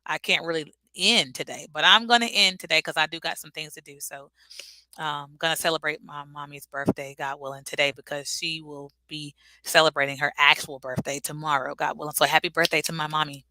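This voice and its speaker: A woman's voice: low voice, fairly even intonation, a little fast, bright, forceful tone, no echo, poor audio. A woman hosting a casual live stream, chatting directly with her viewers and calling them y'all.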